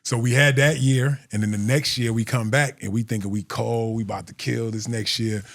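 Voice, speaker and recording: A man's voice: mid-range voice, fairly even intonation, moderate pace, vocal fry, dry recording, studio quality. A man in his forties, a guest telling stories in a loose, profane way and laughing through them. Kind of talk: casual storytelling.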